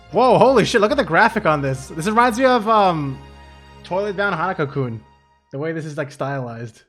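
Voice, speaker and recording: A young man doing excitable, swear-heavy let's play commentary as a streamer. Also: medium pitch. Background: faint game music.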